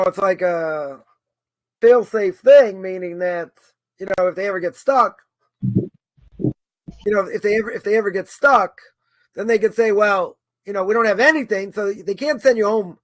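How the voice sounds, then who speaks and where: A man's voice: high-pitched, no echo. A man teaching a religious law course, thinking aloud and arguing both sides of a question with many repetitions. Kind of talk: informal lecture answering a question.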